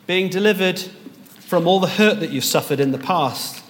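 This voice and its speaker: A man's voice: sits high, moderate pace, in a large hall, slight background noise. A man preaching a sermon as pastor, earnest and rising to emphatic peaks.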